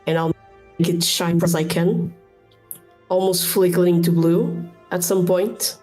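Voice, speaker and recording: A woman's voice: lowish voice, flat delivery, unhurried, dark tone, faint music behind, lightly acted. A woman voicing an earnest young male fire mage apprentice, speaking thoughtfully.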